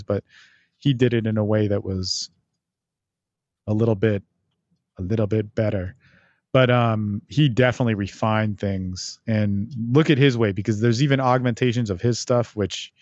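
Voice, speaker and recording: A man's voice: lowish voice, darkish tone, no room sound, dull audio. A man hosting a podcast, explaining in a loose, rambling way and acting out the lines he quotes. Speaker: podcast host. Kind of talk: casual instructional talk.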